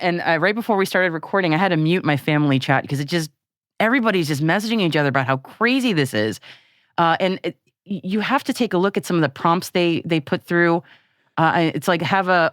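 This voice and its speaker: A woman co-hosting a podcast in casual chat, animated and laughing often, with frequent restarts. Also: on the low side, no echo, clean studio sound. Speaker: podcast co-host.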